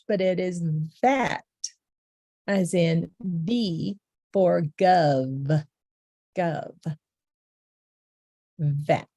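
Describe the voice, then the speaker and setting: A woman's voice: on the low side, dark tone, dry recording, clean studio sound. A woman teaching a beginner language lesson, patiently saying each letter sound several times over.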